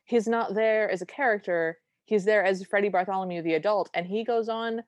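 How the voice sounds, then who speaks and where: A podcast co-host recaps a film in casual chat, her storytelling wry and exasperated, spoken into a close mic. Her medium-pitched voice moves fairly quickly with hardly any pauses, and the recording is dry.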